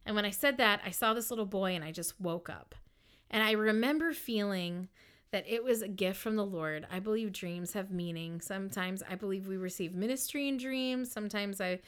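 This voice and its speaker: A woman's voice: mid-range voice, normal speed, a bit bright, clear, resonant tone. A woman giving an earnest personal testimony in a casual, heartfelt way, with many fillers like "um" and "like". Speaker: Christian speaker sharing a personal testimony.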